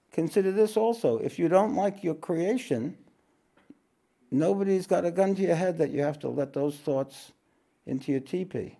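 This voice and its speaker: A man teaching a spiritual talk to an audience, unhurried, repeating his phrases and often clearing his throat. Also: fairly high pitch, expressive, mellow.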